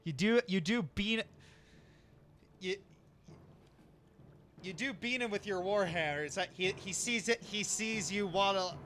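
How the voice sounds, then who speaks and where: A man's voice: sits high, measured pace, pauses often, a bit bright, a little hiss or hum. A man narrating as game master of a tabletop game, playful and chuckling, on a desk mic.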